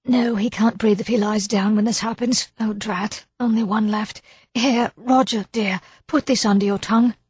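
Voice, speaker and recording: A woman narrator voicing a shy, gentle woman who is grieving, speaking softly and calmly. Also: mid-range voice, moderate pace, husky, no room sound, voice pushed up. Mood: calm caring. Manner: soft, calm and tender.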